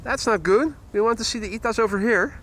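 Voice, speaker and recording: A man's voice: high-pitched, fast talker, fairly bright tone, a little hiss or hum. A man hosting a live plane-spotting stream, giving jokey, chatty commentary and often laughing. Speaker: plane-spotting livestream host. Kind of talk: live commentary and reading chat aloud. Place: outdoors at an airport spotting spot.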